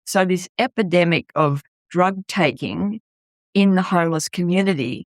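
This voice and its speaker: A middle-aged Australian woman who founded a charity tells her story candidly in an interview, earnest and blunt, often restarting her sentences. Her lowish voice moves at normal speed, with no room sound.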